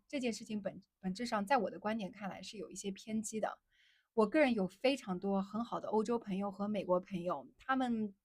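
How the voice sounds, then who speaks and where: A young Chinese woman, a native Mandarin speaker, chats with her livestream viewers and switches freely between English and Mandarin. She restates phrases twice over as she goes, with an everyday mid-range pitch. Her voice sounds close and dry, with no room echo. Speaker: livestream host. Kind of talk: casual livestream chat answering viewers.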